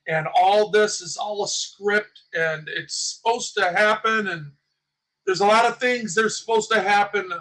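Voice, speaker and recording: A man riffs passionately to his small audience, circling back over his words as he builds up steam. His voice sits high and has a sharp, tense bite to it. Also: low-quality recording. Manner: passionate, agitated rambling with many restarts. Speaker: small channel YouTuber. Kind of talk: livestream commentary.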